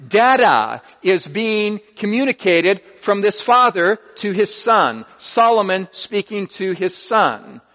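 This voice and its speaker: High-voiced slow preacher in a hall. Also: male voice, fairly bright tone. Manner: deliberate, teaching, reads scripture aloud. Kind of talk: sermon. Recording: dull lo-fi recording in a hall.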